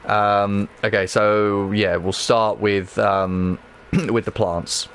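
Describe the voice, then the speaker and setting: A man streaming himself playing a game, chatting casually to viewers with rambling, excitable talk and frequent swearing. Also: fairly low pitch, slow pace, clear, resonant tone. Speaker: livestreamer. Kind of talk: casual gameplay livestream chat.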